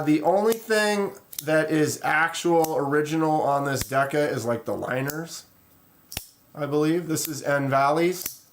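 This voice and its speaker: A man's voice: fairly high pitch, slight background noise. Laid-back man rambling on a live stream. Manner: relaxed, rambling, reads chat aloud. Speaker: knife channel host. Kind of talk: casual live stream chat.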